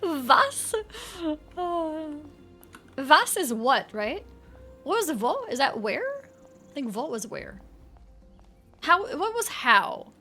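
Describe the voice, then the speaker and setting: A woman's voice: sits high, very animated, slow pace, long pauses, pushed and bright, soft background music. A woman chatting casually on a live game stream, reading chat aloud and laughing often.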